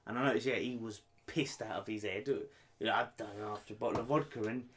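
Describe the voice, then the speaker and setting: A man's voice: mid-range voice, fairly even intonation, fast talker, a bit bright. A man co-hosting a podcast, telling a story in casual, sweary chat. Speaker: podcast co-host.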